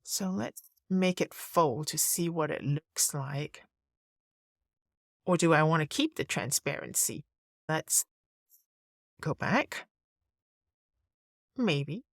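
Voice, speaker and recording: A woman narrating a screen-recorded design tutorial, thinking aloud in a relaxed way as she works. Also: sits low, slow, long pauses, dry recording, studio quality.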